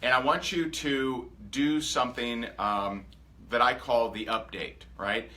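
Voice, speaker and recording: A man's voice: mid-range voice, a little slow. A man coaching a group in a motivational training session, talking energetically and acting out sample messages. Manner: energetic, animated, acts out example dialogues. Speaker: sales coach.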